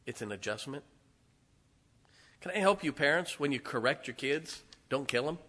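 Bright, forceful preacher in a reverberant hall. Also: male voice, medium pitch, lively intonation, normal speed. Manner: folksy, joking asides with the congregation. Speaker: pastor. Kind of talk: conversational sermon. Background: congregation responding.

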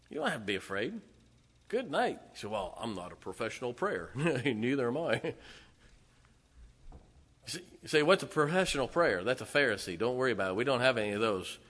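A man's voice: medium pitch, fairly bright tone. A middle-aged man preaching a sermon in a church, conversational, with asides and chuckles between points. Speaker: pastor.

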